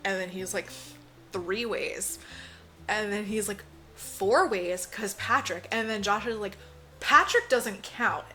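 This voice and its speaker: A woman's voice: medium pitch, steady tone, measured pace, a bit bright, faint music behind. A woman co-hosting a podcast, casually recapping a film and acting out the characters' lines, with plenty of fillers and swearing. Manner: swears freely, lots of "like" fillers. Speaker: podcast co-host. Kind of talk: casual movie recap chat.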